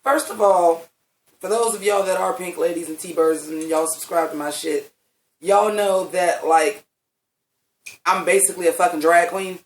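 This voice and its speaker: A man giving a casual, animated and profane review of a TV episode, talking with the ease of a chatty vlogger. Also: high-pitched, normal speed. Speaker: TV recap vlogger. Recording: roomy sound from a distant mic.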